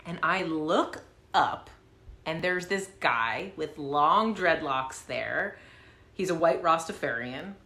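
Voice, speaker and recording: A woman host casually telling a story to her viewers, animated and swearing freely, with lots of fillers. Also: low-pitched, takes it slowly. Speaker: channel host. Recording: roomy echo.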